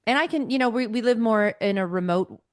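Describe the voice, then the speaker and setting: A woman in her late forties from Northern California, a podcast guest and actress, telling stories in a chatty, animated way over a computer call. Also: on the high side, fairly quick, dry recording, clean studio sound. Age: late 40s. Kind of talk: casual conversation.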